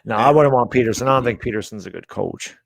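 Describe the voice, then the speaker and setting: A man's voice: medium pitch, fast talker, vocal fry, no room sound, clean studio sound. Exasperated man in casual sports chat. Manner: exasperated, rambling. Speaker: podcast co-host.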